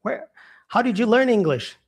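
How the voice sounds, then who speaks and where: A man's voice: extremely high pitch, lively intonation, moderate pace, breathy edge. A young Brazilian man with a Portuguese-accented English, hosting a casual live stream where he reads out viewer questions and answers them with plenty of fillers. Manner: chatty, reading out viewer comments, frequent fillers.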